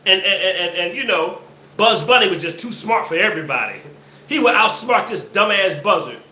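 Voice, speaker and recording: A man hosting a live show, reacting to clips with loud laughter and mocking commentary. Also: high-pitched, lively intonation, moderate pace. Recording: echoey room, faint noise.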